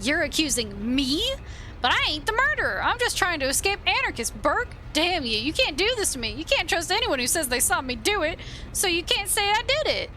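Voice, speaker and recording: A woman doing a frantic cornered man, high and loud. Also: sing-song, a little fast, slight background noise, full character voice. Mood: panicked. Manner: frantic, protesting. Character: panicky accused man, cornered and pleading.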